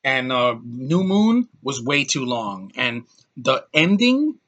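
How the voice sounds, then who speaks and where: A man's voice: medium pitch, sing-song, takes it slowly, a bit bright, dull audio. A man giving a casual, ranting film review, blunt and heated, often repeating and restarting his words. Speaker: movie reviewer.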